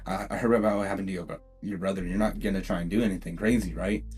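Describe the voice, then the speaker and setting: A man's voice: sits low, fairly even intonation, racing, darkish tone, faint music behind, lightly acted. Deku, a man doing a cool teen hero. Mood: casual. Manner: casual slangy talk. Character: teenage boy hero, cocky and calm.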